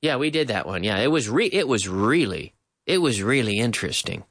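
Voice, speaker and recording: A man's voice: mid-range voice, lively intonation, fairly quick, a bit bright, dry recording, studio quality. A man teaching English in a live-streamed lesson, repeating phrases to drill them and switching between English and Spanish.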